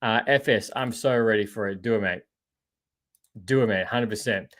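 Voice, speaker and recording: His voice is fairly low and a bit bright, and he speaks at normal speed. This Australian man hosts a live podcast, casually rambling about shows and games, answering viewers' comments, and often calling people mate.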